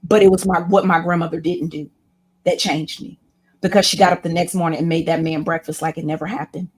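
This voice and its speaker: A woman's voice: lowish voice, steady tone, a little fast, breathy edge. Impassioned woman with a preacherly flow. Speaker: guest, women's class leader. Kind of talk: candid interview talk.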